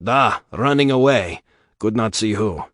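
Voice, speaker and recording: A man's voice: on the low side, lively intonation, measured pace, a bit bright, no echo, clean studio sound. A man reading aloud, voicing a cold, terse male enforcer with a Russian accent and clipped broken English.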